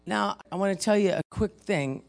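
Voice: mid-range voice, moderate pace, vocal fry. A preacher giving a sermon and retelling a story, talking casually and asking the audience questions. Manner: conversational, asks the audience questions.

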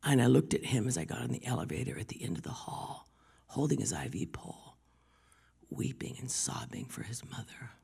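A woman delivers a sermon full of personal testimony. Her voice is gravelly and husky, and it often falls to a hushed whisper as she tells her stories. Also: a bass voice, big pitch swings, brisk. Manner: storytelling, often dropping to a whisper. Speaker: preacher.

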